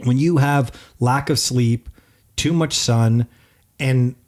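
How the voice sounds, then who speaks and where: A man's voice: mid-range voice, slow pace, a little mellow. A man in his thirties with a mid-range voice, co-hosting a casual podcast. He offers earnest advice and pokes fun at himself. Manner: earnest, advice-giving, self-deprecating. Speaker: podcast co-host. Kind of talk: casual chat.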